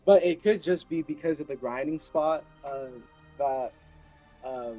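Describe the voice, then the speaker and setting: A young man hosting his gaming channel, giving chatty, excitable commentary with playful asides. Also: on the high side, a little slow, soft background music, low-quality recording. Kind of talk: casual gameplay commentary.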